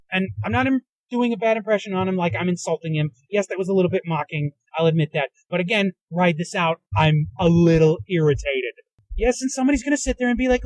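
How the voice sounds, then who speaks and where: Riding in a moving car, a male podcast host launches into an angry, profanity-laced rant on his own, his voice high. The handheld recorder in the car yields a dry recording of poor quality.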